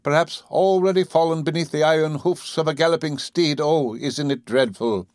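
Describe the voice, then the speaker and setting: A man's voice: fairly high pitch, normal speed, a little mellow, dry recording, clean studio sound, pitched above the performer's own voice, natural voice. A man voicing a fluttery, sentimental spinster who gushes melodramatically. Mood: gushing. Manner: gushing, melodramatic.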